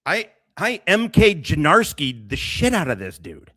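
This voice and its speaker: A man's voice: fairly high pitch, a little slow. A man hosting a casual reaction stream, cursing freely and laughing often as he comments on clips. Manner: profane, laughs often, animated.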